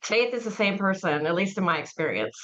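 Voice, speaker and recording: A woman's voice: medium pitch, very animated, fairly quick, fairly bright tone, muffled recording. A woman hosting an interview, talking casually and rambling with plenty of fillers. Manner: chatty, rambling, with many fillers. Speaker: podcast host and mortuary educator.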